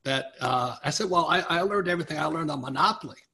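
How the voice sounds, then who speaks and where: A man's voice, a touch higher than most and strikingly bright, spins a long anecdote for an interviewer. He acts out the people he quotes and keeps the story moving with a lively, energetic delivery. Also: fast talker, gravelly. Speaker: guest author.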